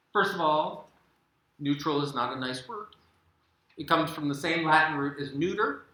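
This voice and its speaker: American male keynote speaker, animated and emphatic, bright tone, roomy hall sound. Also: a little high. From United States. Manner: animated, sarcastic asides, emphatic. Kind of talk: conference keynote talk. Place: conference hall.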